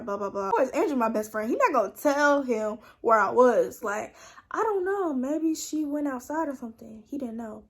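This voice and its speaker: A young woman tells a casual storytime, animated and acting out quoted lines in her own voice. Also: fairly high pitch. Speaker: vlogger.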